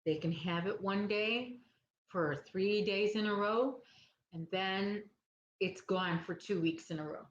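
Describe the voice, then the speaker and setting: A woman's voice: medium pitch, takes it slowly. Chatty woman rambling on a crochet stream. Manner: rambling, chatty, loses her train of thought. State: sleepy, yawning. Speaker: crochet livestream host. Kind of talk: casual chat with live viewers. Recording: roomy, dull lo-fi sound with faint noise.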